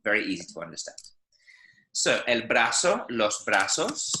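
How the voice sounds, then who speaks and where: A man teaching a language class over a video call, with a voice that rises and falls a lot. His tone is bright and carries, and he keeps praising his students while he models words for them. The sound rings off the walls of the room he is in. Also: fairly low pitch, wildly swooping pitch, normal speed, a little hiss or hum. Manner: encouraging, explains with spoken examples. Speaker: Spanish teacher. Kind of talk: online language lesson. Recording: echoey room.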